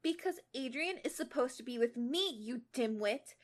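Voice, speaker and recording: A woman's voice: high-pitched, animated, moderate pace. A young woman putting on a sly, sneering schoolgirl bully. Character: scheming teenage girl, sly bully. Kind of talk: amateur fan-fiction read-aloud.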